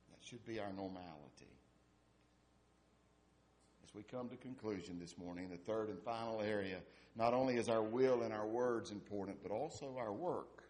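A male pastor preaching in a conversational way, asking rhetorical questions and trailing off softly at the ends of phrases. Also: fairly low pitch, normal speed. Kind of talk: sermon.

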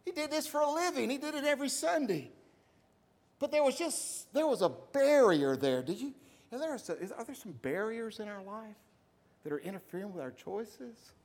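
A man preaching a sermon, his voice pitched high above most men's. He tells his stories with lively energy and acts out the voices of the people in them. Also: normal speed. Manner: animated storytelling, acts out voices. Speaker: pastor.

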